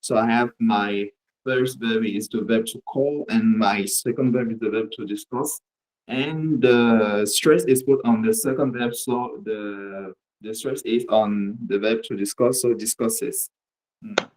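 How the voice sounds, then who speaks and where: A man's voice: lowish voice, fairly even intonation, measured pace, darkish tone, rough recording. Male student presenting homework carefully. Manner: careful, methodical explanation. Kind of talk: presenting class exercise.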